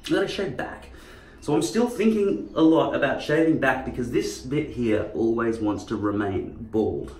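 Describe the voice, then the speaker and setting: A man's voice: mid-range voice, animated, moderate pace, hardly any pauses, a little mellow. A man vlogging in casual chat, rambling and profane. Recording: echoey room.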